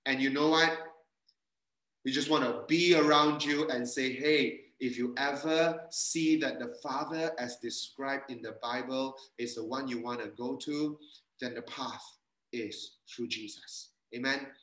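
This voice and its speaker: A man's voice: mid-range voice, steady tone, unhurried, fairly bright tone, roomy sound, rough recording. A man preaching a sermon, earnest, repeating key phrases and speaking to the congregation as friends. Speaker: pastor. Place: church hall.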